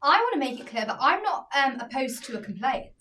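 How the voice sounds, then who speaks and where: A woman's voice: sits high, big pitch swings, brisk, sharp tone, distant mic, a little hiss or hum. A woman in her twenties co-hosting a podcast, telling stories animatedly in casual chat and swearing freely. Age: 20s. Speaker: podcast co-host.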